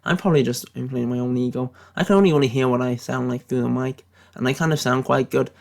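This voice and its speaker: Brief: British guy faking an American accent, gravelly, deadpan mock-serious ranking rants. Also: medium pitch, fast. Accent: put-on American accent. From Britain. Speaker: YouTube commentator. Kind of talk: satirical tier-list commentary.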